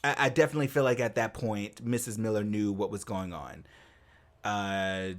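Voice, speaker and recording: A man co-hosting a podcast, recapping a film scene in casual chat, animated, laughing often and acting out the characters' lines. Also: fairly low pitch, normal speed. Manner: animated storyteller, laughs often, acts out quotes. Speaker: podcast co-host.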